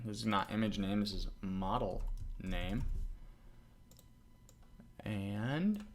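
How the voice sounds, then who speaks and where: Male tutorial host, lower voice, chatty and easily thrilled, light keyboard tapping behind. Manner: excitable, laughs often, talks to himself while coding. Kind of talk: casual screen-recorded coding tutorial.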